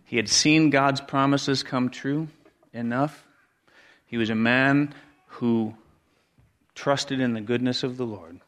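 A middle-aged man preaching a sermon earnestly, often repeating words for emphasis and dropping to quiet, low tones. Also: steady tone, slow, pauses often.

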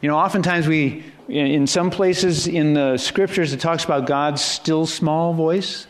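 A man's voice: fairly high pitch, measured pace. Conversational man giving a sermon. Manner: conversational, with frequent restarts and asides. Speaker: preacher.

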